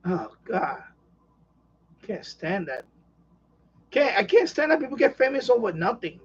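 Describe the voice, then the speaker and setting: A man's voice: high voice, sing-song, unhurried, breathy edge. A man hosting a casual live stream chat, rambling and exasperated as he rants. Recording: dull lo-fi live stream audio.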